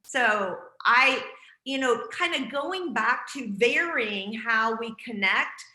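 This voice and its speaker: A woman's voice: a little high, lively intonation, takes it slowly, bright, forceful tone, echoey room, low-quality recording. A woman leading a team video call, speaking in an encouraging, casual way with frequent fillers. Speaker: team leader hosting a group call. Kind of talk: casual group call talk.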